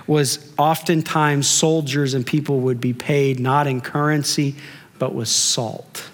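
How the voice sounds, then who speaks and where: A man pastor preaching a sermon in a conversational way, with rhetorical questions and drawn-out emphasis. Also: medium pitch, steady tone. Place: church sanctuary. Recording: long church reverb.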